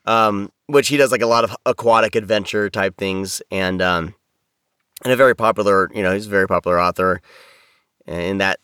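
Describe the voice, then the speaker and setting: A man's voice: lowish voice, fairly even intonation, a little fast, a bit bright, clear, resonant tone, no echo. A man talking casually as a podcast guest, rambling with many restarts and fillers over a video call. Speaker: audiobook narrator, podcast guest.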